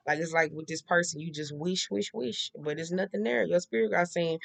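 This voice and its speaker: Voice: medium pitch, fairly even intonation, a little fast, gravelly, a bit bright. A tarot reader giving a casual monthly reading in a blunt, profane, rambling way, repeating the same tics and often checking in with the listener. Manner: blunt and profane, with frequent slang.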